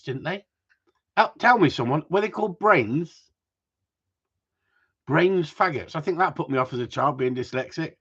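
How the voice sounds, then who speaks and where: A man's voice: on the high side, animated, moderate pace, fairly bright tone, slightly rough. A man chatting and joking on a livestream, rambling and swearing as he talks to viewers. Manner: rambling, swears, jokey banter. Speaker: livestream host. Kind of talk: casual chat to a live audience. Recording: dull lo-fi sound.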